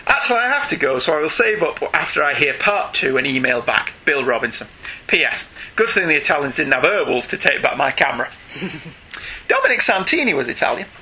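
A man co-hosts a casual talk show, reading out listener emails and laughing often. His voice sits high and bright, with lively swings in pitch. There is a faint hiss behind him. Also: brisk. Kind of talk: casual chat.

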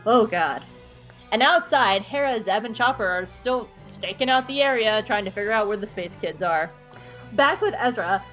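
A woman podcast host recapping an episode in casual chat, with an animated, playful storytelling manner. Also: a little high.

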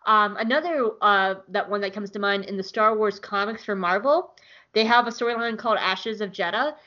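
Woman, podcast co-host, casual enthusiastic chat, filler-heavy, medium pitch, slightly muffled audio. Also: normal speed, pushed and bright. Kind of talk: casual chat recapping an episode.

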